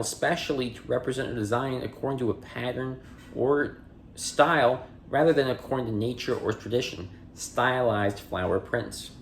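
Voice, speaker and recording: A man hosting a podcast, reading dictionary entries aloud in a steady cadence, word, part of speech and definition, with chatty asides to listeners. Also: medium pitch, slight background noise. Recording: roomy echo.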